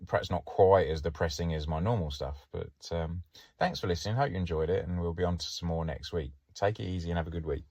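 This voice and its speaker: Deep-voiced middle-aged brit telling stories, laughs a lot, dry sound. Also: male voice, fast talker, a little mellow, dry recording. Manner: chatty, wry, laughs through his stories. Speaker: podcast host and former police diver. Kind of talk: casual anecdotal storytelling.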